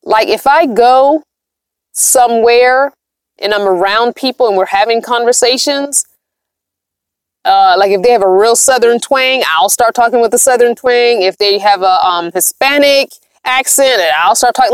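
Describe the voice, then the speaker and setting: A woman's voice: fairly high pitch, normal speed, smooth, no room sound. A woman vlogger who lives in a van, chatting casually on a livestream, reading comments aloud and laughing often. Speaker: van-dwelling vlogger reading live chat. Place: inside her van.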